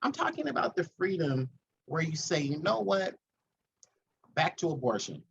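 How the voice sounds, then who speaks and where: A man's voice: on the high side, dull audio, slight background noise. A man hosting a podcast in casual chat, telling a story earnestly and acting out the people in it. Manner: storytelling, earnest, animated retellings. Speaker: podcast host.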